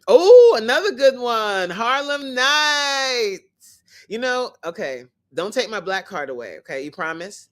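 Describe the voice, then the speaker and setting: A woman hosting a casual livestream chat, animated and teasing, who laughs often and talks straight to her viewers. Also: mid-range voice. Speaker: host.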